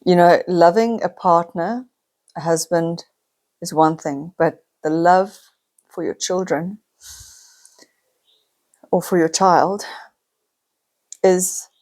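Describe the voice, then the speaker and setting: A woman's voice: fairly low pitch, slow pace, long pauses, darkish tone. A middle-aged woman, talking to camera in a heartfelt, confiding personal vlog, near tears at times. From South Africa. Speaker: vlogger.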